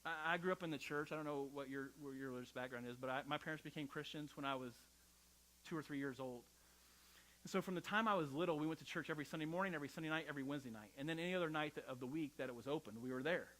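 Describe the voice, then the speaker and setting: A man's voice: a little high, racing, fairly bright tone, low-quality recording. A middle-aged male pastor preaching a sermon in a conversational, personal storytelling style, often checking in with "right?".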